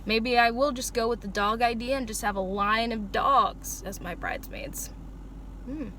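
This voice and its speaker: A woman's voice: on the high side, normal speed, bright, forceful tone, slight background noise. A young woman vlogger talking casually to the camera, rambling and joking at her own expense. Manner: chatty, joking, self-mocking.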